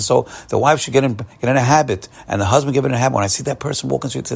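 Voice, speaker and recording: A man's voice: mid-range voice, very fast, gravelly, few pauses, breathy edge. A man giving an upbeat, encouraging morning Torah talk, often repeating and restarting his phrases. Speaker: Torah teacher.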